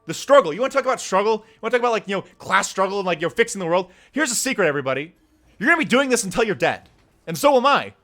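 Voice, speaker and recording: A young man delivers a fired-up political rant as a streamer, cursing freely and pushing his point hard. His voice sits high for a man and comes across bright and forceful. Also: sing-song, very fast. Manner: heated, swearing, pleading.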